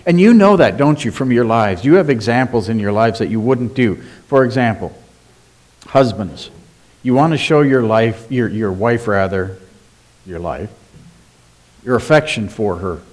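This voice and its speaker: Male pastor preaching, emphatic, asks lots of questions, drags out the key words, middle pitch. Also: lively intonation, unhurried, a little mellow. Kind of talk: sermon.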